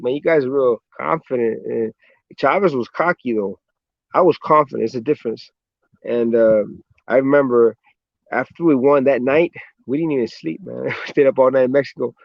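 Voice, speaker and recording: A man's voice: medium pitch, no room sound, highs cut off. Laid-back American man telling boxing stories. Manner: laid-back storyteller, swears a lot, says "man" often. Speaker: professional boxer, interview guest. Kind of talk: casual interview chat.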